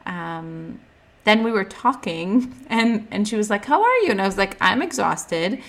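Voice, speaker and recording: A young woman talks through a casual podcast monologue. She is candid and chatty, fills her speech with "like", and turns animated whenever she quotes someone else. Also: mid-range voice, a little slow. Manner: candid and chatty, heavy use of "like", animated when quoting others. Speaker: podcast host.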